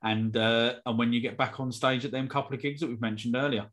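A man's voice: mid-range voice, fairly even intonation, fast talker, a crowd in the background. A man hosting a podcast, wrapping up in a friendly, filler-heavy way. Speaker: podcast host. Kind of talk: casual podcast chat and sign-off.

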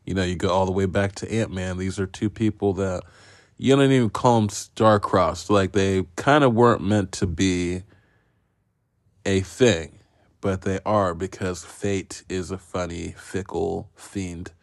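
A man's voice: deep voice, fairly even intonation, measured pace, dry recording, clean studio sound. A man hosting a podcast, giving a casual solo film review in a rambling, profane, self-mocking way. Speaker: podcast host reviewing films.

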